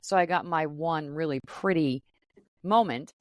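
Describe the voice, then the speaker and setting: Low-voiced chatty woman podcast host. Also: a little slow, no echo, studio quality. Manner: chatty, tells stories with quoted asides. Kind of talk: casual podcast conversation.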